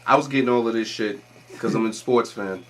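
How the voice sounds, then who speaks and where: A man's voice: mid-range voice, brisk, poor audio. A young man hosting a casual podcast, rambling through profane stories and acting out what other people said. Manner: profane, rambling storyteller who acts out quotes. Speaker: podcast host.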